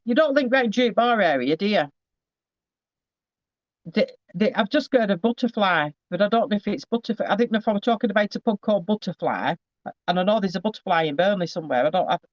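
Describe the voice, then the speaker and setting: A man gives a psychic reading in a fairly high, chatty voice. He often trips and restarts mid-phrase as he relays messages. The recording is dry and slightly muffled. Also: no echo. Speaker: psychic medium. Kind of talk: live spirit reading to a sitter.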